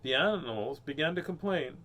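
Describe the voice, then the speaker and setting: Lively, joking man reading picture books. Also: on the high side, brisk. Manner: jokey, punning, animated asides. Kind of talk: playful storybook read-aloud.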